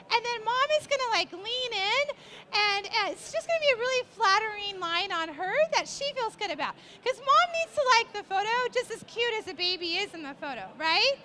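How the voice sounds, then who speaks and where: A woman's voice: very high-pitched, noisy background. A middle-aged woman, a portrait photographer, teaching live on a stage at a trade show, cooing at a baby and coaching the family as she shoots. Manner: directing the family, warm and encouraging.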